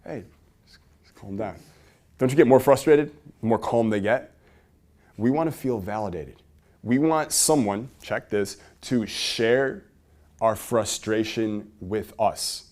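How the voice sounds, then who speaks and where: A man teaching a workshop to a live audience in a room, energetic and asking the audience questions. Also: fairly low pitch, takes it slowly. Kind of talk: live seminar talk to an audience.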